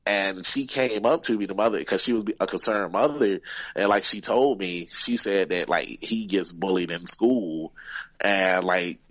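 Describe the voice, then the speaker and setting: A man's voice: low voice, fairly bright tone, no echo, lo-fi sound. A man, a guest wrestler, telling stories casually in an interview, rambling with many fillers.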